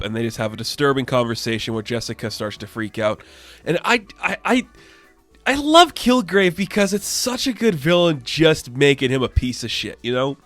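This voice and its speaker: A man gives a chatty, enthusiastic spoken review of a comic book, peppering his talk with "like" fillers. His voice is mid-range and a bit bright, with no room sound.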